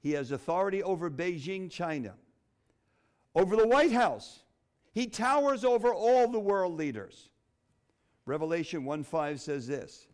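A middle-aged man preaching a sermon, expressive, with dramatic pauses and touches of humor. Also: high voice. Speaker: pastor.

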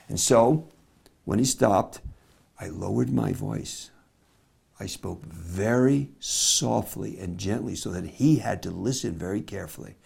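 A middle-aged man preaching a sermon, swinging from loud emphasis to very soft, slow words. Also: on the low side, creaky, husky. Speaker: pastor.

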